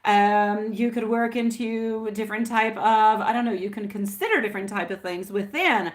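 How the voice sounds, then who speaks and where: A woman's voice: mid-range voice, normal speed. A woman reading tarot on a live stream in casual chat, affectionate and laughing often, calling viewers my love and sweetie pie.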